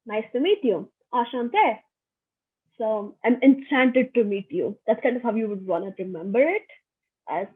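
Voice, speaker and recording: The French workshop teacher is a young adult woman giving a chatty online lesson, saying each phrase again for practice. Her voice runs on the high side with a slight roughness, heard through thin, phone-like audio.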